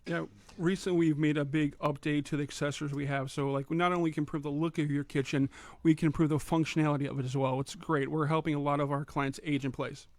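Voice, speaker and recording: A man's voice: a little high, flat delivery, fast, no room sound. A man from a cabinet company talking up his service on a radio show, with many fillers. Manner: eager, filler-heavy sales talk. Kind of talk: casual radio interview.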